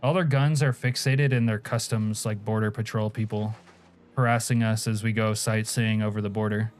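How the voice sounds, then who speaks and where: While streaming a game, this Alaskan man talks casually and profanely with his audience, cracking jokes, responding to chat and laughing frequently. He speaks in a lowish, steady voice at a moderate pace, with faint background music.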